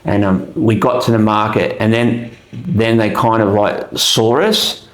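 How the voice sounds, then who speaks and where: A middle-aged Australian army veteran, a guest telling a long story in a rambling, animated way with lots of fillers. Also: male voice, fairly low pitch, measured pace, reverberant, poor audio. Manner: rambling, animated retelling, with many fillers and restarts. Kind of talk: casual storytelling interview.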